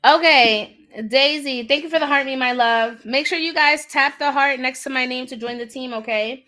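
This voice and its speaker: A woman's voice: high-pitched, moderate pace, sharp tone. A woman giving a live tarot reading, blunt and direct, scolding her viewer in slangy talk and repeating herself for emphasis. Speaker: tarot reader.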